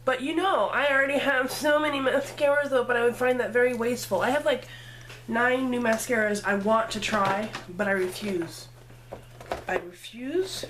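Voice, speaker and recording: Woman, slightly high-pitched, casual makeup tutorial, chatty, playful. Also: background noise. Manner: chatty, playful, talks to herself while working. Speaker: makeup vlogger.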